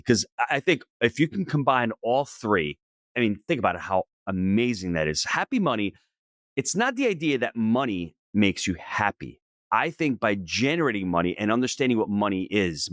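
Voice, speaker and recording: A middle-aged man answering interview questions in an energetic, emphatic and persuasive way. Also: fairly low pitch, no echo, studio quality. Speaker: podcast guest.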